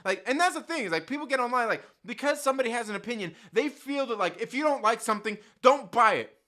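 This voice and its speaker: An extremely high-pitched, animated man talks fast in a bright, forceful voice. He hosts his own YouTube channel and launches into a heated, unscripted rant to camera, swearing constantly. He mocks other people's views with put-on quotes.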